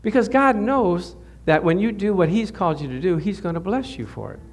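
Male pastor, high voice, animated storytelling sermon, frequent laughs and repeated words. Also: brisk. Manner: storytelling, animated, rises sharply when quoting prayers.

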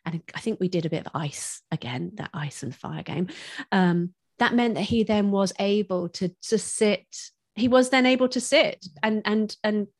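A woman guest who teaches parenting, talking in an expressive, chatty way and laughing often. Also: medium pitch, normal speed, no echo, studio quality. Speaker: parenting instructor, podcast guest. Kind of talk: casual conversational interview.

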